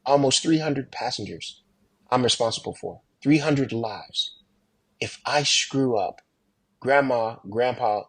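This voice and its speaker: A man with a husky, slightly breathy voice tells stories from his flying career on a podcast. He talks animatedly, swinging his pitch up and down to play the people he quotes. The sound is close and dry. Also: dry recording. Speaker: airline pilot, podcast guest. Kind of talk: casual storytelling in a podcast interview.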